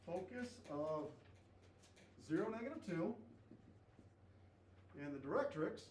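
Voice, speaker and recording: Male math teacher, lecturing a class, slightly high voice, echoey classroom, distant mic. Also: lively intonation, takes it slowly, a little mellow. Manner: repeats points with frequent "okay?" checks, encouraging. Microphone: distant camera mic. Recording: echoey classroom from far off, faint noise.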